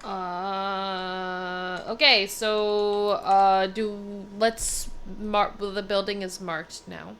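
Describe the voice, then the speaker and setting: A woman's voice: mid-range voice, steady tone, extremely slow, few pauses, fairly bright tone, a little hiss or hum. A woman playing a tabletop role-playing game, chatting casually about her character's actions. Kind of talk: casual chat.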